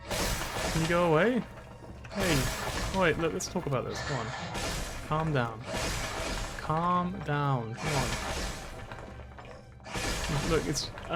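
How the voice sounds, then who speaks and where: A man's voice: a little high, unhurried, pauses often, music in the background. A man streaming a video game, chatty and self-deprecating, swearing and laughing often. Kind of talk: casual game commentary.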